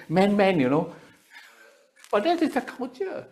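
A middle-aged man with a Singaporean English accent, preaching to seminary students in a lively, chatty way and often repeating his words. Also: high-pitched, a little slow. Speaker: pastor.

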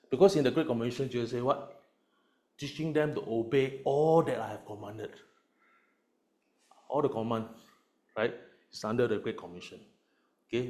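A man preaching a sermon as a pastor, emphatic, often checking in with "right?" and "huh?", swinging between loud stresses and quiet asides. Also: medium pitch. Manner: emphatic, peppers lines with "right?" and "huh?" tag questions.

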